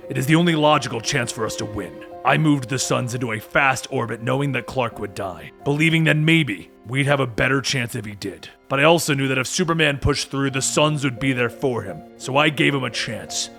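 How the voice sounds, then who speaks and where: A man voicing Batman as a grim, determined hero, speaking low and gravely in a comic story recap. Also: brisk, a bit bright, soft background music. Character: grim determined male Batman in armored suit.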